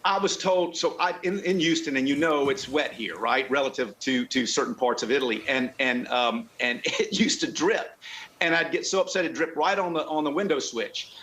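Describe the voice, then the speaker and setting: Man, middle-aged, from the American South, halting casual chat, many restarts. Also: mid-range voice, fairly bright tone, slight background noise. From southern United States. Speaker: car club member guest.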